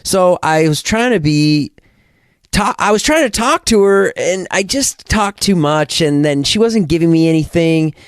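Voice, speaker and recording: Middle-aged man, slightly high voice, dry close sound, self-deprecating casual storyteller. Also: lively intonation, a little slow, smooth, no echo. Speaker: podcast co-host. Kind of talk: casual chat.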